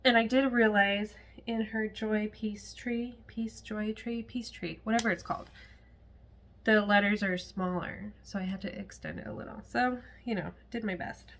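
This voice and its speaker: Woman rambling on about her stitching at home, lots of little laughs, middle pitch. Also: steady tone, normal speed, fairly bright tone. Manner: chatty and rambling, with frequent laughs and asides. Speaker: cross-stitch vlogger. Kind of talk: casual chat to camera.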